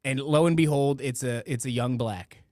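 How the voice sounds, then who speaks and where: A man's voice: mid-range voice, normal speed, a little mellow, no echo, studio quality. A middle-aged man hosting a live-stream podcast, talking casually and rambling through stories with many restarts and asides. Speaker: podcast host reading donations and chat.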